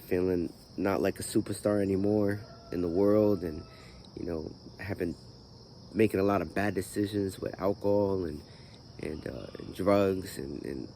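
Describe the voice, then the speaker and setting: This channel host is a man whose low, dark voice moves at a measured pace over slight background noise. Sounding groggy from the morning, he wanders through his life story in a vlog, leaning heavily on "you know" and other fillers.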